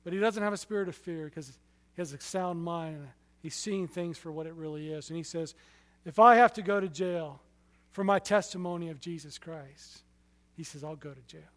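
A man preaching a sermon, telling stories with passion, his loudness rising and falling sharply. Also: fairly high pitch, moderate pace, in a large hall.

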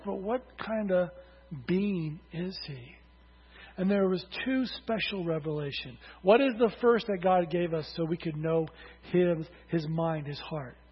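A man's voice: high voice, slightly rough. A man preaching a sermon as pastor, emphatic and calling on the congregation to answer aloud. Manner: emphatic, calls for congregation responses. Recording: dull, hall reverb.

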